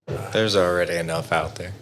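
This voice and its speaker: A man speaking as an interview guest, calm and soothing. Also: low-pitched, normal speed, slight background noise. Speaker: interview guest, military veteran. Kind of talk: casual interview talk.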